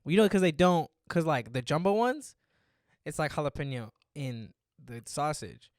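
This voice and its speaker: A man's voice: fairly high pitch, sing-song, moderate pace, no echo, studio quality. A young man co-hosting a casual podcast, teasing his friend, swearing freely and leaning on filler words. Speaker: podcast co-host. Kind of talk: casual chat.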